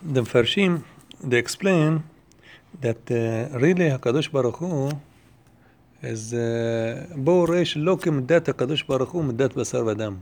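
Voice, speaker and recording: A man with a mid-range, darkish voice teaches a Torah lesson, posing questions and working through the answers step by step. He repeats phrases and quotes Hebrew passages quickly.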